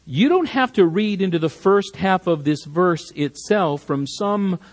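Lively, high-voiced preacher man. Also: measured pace. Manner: emphatic, rising sharply on repeated commands. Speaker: pastor. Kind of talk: expository sermon.

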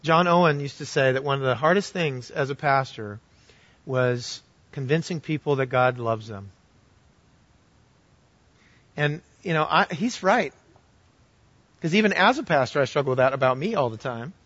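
A man's voice: medium pitch, animated, moderate pace, pauses often, no echo. Male pastor delivering an earnest sermon, storytelling in a dry, dull-sounding recording. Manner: earnest storytelling with shifts between loud and hushed.

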